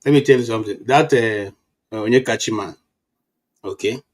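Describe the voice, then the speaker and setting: A Nigerian man in his fifties, talking politics in a casual chat and telling animated stories full of restarts. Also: on the low side, normal speed. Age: 50s. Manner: animated storytelling with frequent restarts.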